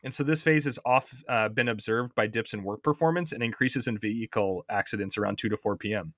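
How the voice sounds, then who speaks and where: Bright-voiced man explaining science casually. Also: fairly low pitch, fairly quick, dry recording, studio quality. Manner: chatty, quizzes his co-host, many restarts. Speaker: podcast host.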